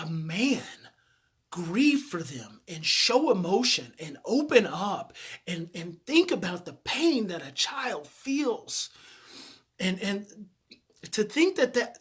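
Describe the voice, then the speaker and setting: A man speaking as a parenting educator tells a personal story with deep feeling. His voice is bright and forceful, and he often circles back to repeat a phrase. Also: breathy edge.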